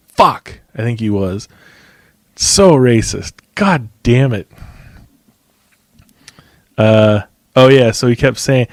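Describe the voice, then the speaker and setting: A man's voice: medium pitch, darkish tone, no echo, clean studio sound. A man hosting a podcast who talks in a loose, rambling way, swearing freely and laughing often. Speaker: podcast host. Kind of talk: casual chat.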